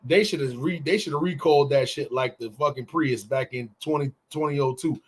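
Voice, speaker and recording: A man co-hosting a casual morning podcast, talking in an animated, profane way and swinging his voice around when he acts out quotes. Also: mid-range voice, brisk, breathy edge. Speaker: podcast co-host. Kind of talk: casual morning show banter.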